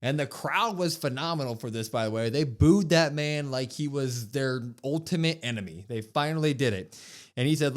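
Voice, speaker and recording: A man's voice: mid-range voice, a little fast. A man co-hosting a podcast, recapping a wrestling show in casual chat and reading out quotes with emphasis. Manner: animated, reads out quotes with emphasis. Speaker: podcast co-host.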